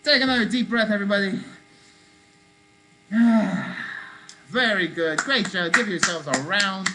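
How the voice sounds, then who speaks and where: A woman leading children in a playful call-and-response movement game, coaxing them to shout along. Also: mid-range voice, unhurried. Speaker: children's activity leader. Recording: faint mains hum.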